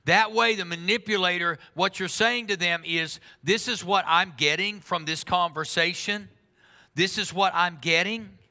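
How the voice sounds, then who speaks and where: A man preaching a sermon in an earnest way, slowing down for emphasis and speeding up for asides. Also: sits high, sharp tone. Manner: earnest, shifts between slow emphatic lines and quick asides. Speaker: pastor. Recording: long reverb of a large hall.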